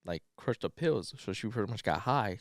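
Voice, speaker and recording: A man's voice: lowish voice, expressive, moderate pace, dry recording, studio quality. A man co-hosting a podcast, retelling a movie plot in a loose, profane, slangy storytelling style. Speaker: podcast co-host. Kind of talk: casual plot recap.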